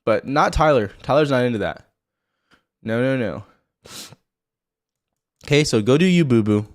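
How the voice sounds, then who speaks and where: A stock trading livestream host with a mid-range voice and lively intonation runs loose, unscripted market commentary at an unhurried pace. He rambles, swears freely, and talks directly to his viewers in a blunt, chatty way.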